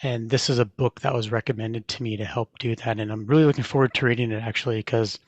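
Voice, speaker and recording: A man's voice: mid-range voice, steady tone, quick pace, no echo. A man being interviewed as a podcast guest, speaking earnestly and reflectively. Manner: earnest, reflective, laughs easily. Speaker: podcast guest, navy veteran. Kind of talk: casual interview chat.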